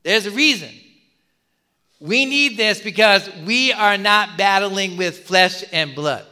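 A male pastor giving a sermon in a conversational, animated way, telling a story with many asides. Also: high voice, takes it slowly, big-room sound.

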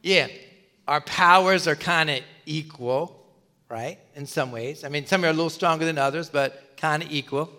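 A male pastor giving a sermon in a conversational, animated way, telling a story with many asides. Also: on the high side, moderate pace, big-room sound.

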